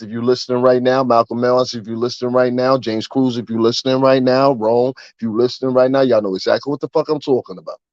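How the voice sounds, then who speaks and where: A man talking straight to camera in a profane, rambling rant about the music industry, getting louder and more animated as he goes. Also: mid-range voice, dry recording, dull audio. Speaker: vlogger. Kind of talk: ranting commentary.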